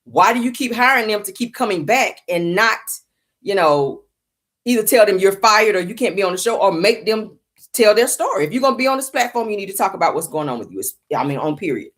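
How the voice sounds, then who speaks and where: A woman's voice: medium pitch, lively intonation, fairly quick. A woman hosting a casual celebrity gossip show in a sassy, chatty way, calling her listeners honey and child, still sleepy from just waking up. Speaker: host.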